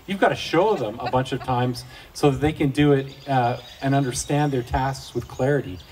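A middle-aged Christian speaker for fathers gives a casual devotional talk, telling folksy, joking stories about family life. His mid-range voice is a little mellow at normal speed, recorded on a distant mic with faint outdoor noise.

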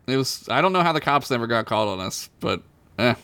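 A man's voice: medium pitch, lively intonation, bright, forceful tone. A man co-hosting a podcast in casual, crude, joking chat. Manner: crude, joking, quick to laugh. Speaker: podcast co-host.

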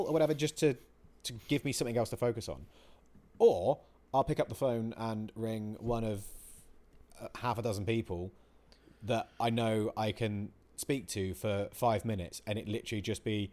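A man's voice: medium pitch, normal speed, darkish tone. A man co-hosting a casual podcast chat, swearing freely and acting out his own outbursts as he talks. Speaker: podcast co-host.

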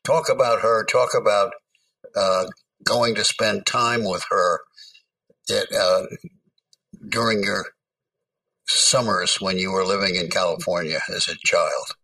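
An older man hosting a podcast, asking slow, halting interview questions. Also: sits low, bright, forceful tone. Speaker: podcast host. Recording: voice from a distance.

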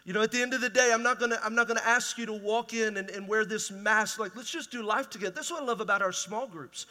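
A man's voice: high voice, fast talker, sharp tone. A man preaching a conversational, emphatic sermon as pastor in a large church hall.

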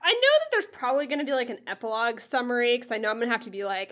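A woman's voice: a little high, very animated, fast, few pauses, fairly bright tone. A woman co-hosting a casual book podcast, summarizing a chapter in a chatty, filler-heavy way and tossing off breezy mock quotes. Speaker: podcast co-host.

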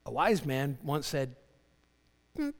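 A man preaching a sermon in a slightly higher voice, swinging from loud, dramatic readings down to low, quiet stresses. His voice carries a long reverb from a large hall. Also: measured pace. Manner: animated preaching, voicing Job's cries with rising pitch and dropping low for emphasis. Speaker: pastor.

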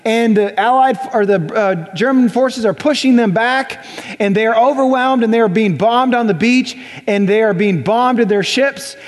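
A young adult man preaching a sermon in a church, conversational and animated, often acting out voices. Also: extremely high pitch, normal speed. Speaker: pastor. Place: church sanctuary. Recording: church hall reverb.

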